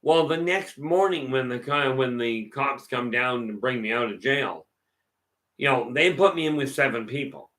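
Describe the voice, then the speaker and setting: Bright-voiced man rambling through a story. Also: mid-range voice, expressive, normal speed. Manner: rambling storyteller with many restarts. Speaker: host answering viewer questions. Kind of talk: casual live Q&A talk.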